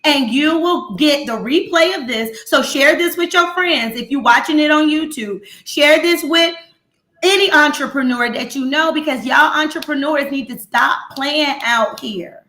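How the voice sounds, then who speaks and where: A woman's voice: high voice, a little slow, bright, forceful tone, roomy sound. A woman accountant hosting a business talk show, talking straight and playfully with slang and repeats. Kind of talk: lively casual talk.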